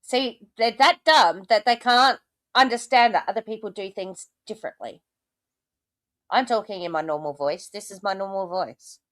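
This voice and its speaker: A woman's voice: mid-range voice, normal speed, no echo, clean studio sound. A woman hosting a show, commenting sarcastically on clips and swearing often. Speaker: host reacting to clips. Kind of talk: casual commentary over clips.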